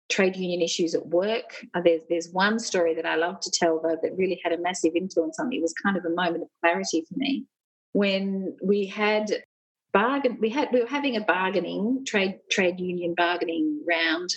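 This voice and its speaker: Middle-aged woman, husky voice, candid and animated storyteller, ex-nurse union leader. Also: lowish voice, poor audio. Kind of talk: personal storytelling in an interview.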